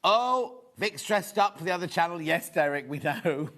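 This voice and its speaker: A man's voice: on the high side, animated, normal speed, fairly bright tone. A man presenting fabrics on a live shopping channel in a TV studio, chatty and rambling, with gossipy asides. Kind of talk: live TV selling chat.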